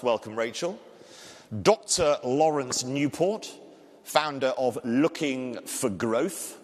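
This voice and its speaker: A man with a Scouse accent moderating a conference panel, jokey and self-deprecating. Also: mid-range voice. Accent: Liverpool (Scouse). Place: large conference hall. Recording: long hall reverb.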